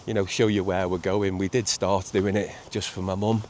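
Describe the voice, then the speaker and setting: A middle-aged man, chatting casually in a walking vlog on a seaside promenade, halting with many repeats and fillers. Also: sits low, flat delivery, a little mellow. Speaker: vlogger. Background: faint outdoor ambience with traffic and seagulls.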